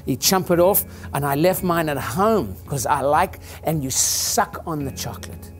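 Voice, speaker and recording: A man's voice: on the high side, expressive, unhurried, a little hiss or hum. An older man, a chiropractor, giving an informal talk to an audience in a rambling, joking, preacher-like way.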